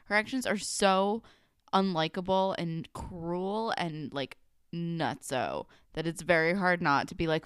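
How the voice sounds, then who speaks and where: A woman's voice: on the low side, fairly bright tone, clean tone, no echo, studio quality. A young woman co-hosting a podcast, chatting casually about a TV episode, swearing freely with plenty of likes and ums. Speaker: podcast co-host. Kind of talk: casual chat recapping a TV episode.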